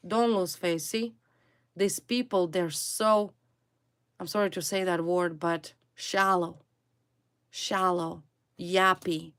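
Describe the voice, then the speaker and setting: Slow, emphatic woman reading tarot. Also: lowish voice, fairly bright tone, dry recording. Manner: emphatic, repeats single words for stress. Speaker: tarot reader. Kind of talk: tarot reading addressed to viewers.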